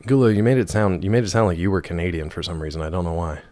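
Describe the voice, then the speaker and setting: A man in his thirties chatting casually with his stream viewers, rambling and wry, with a rough throat. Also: low voice, rapid-fire, a little mellow. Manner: rambling, wry, reacts to chat messages.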